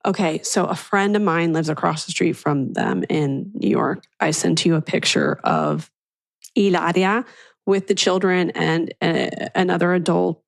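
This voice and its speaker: A middle-aged woman hosting a podcast, chatting casually and telling stories in an animated way. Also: lowish voice, unhurried, vocal fry, dry recording. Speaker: podcast host. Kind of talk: casual chat.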